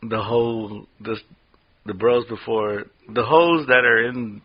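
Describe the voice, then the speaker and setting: A man co-hosting a podcast in casual chat, talking haltingly with many restarts and easy laughter. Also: mid-range voice, steady tone, breathy edge, highs cut off. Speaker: podcast co-host.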